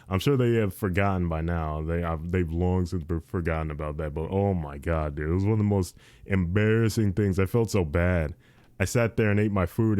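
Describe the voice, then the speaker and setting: Young male podcast host, deep-ish and soft-toned, loose rambling chat. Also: no room sound. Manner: rambling, repeats himself, says dude a lot. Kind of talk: casual chat.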